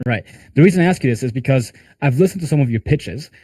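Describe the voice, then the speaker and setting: A man's voice: mid-range voice, animated, fast, warm tone, slightly rough, dry recording. A man who is a sales coach, running a live group training call in a conversational way with casual fillers. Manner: conversational, talks with hands-on examples and casual fillers.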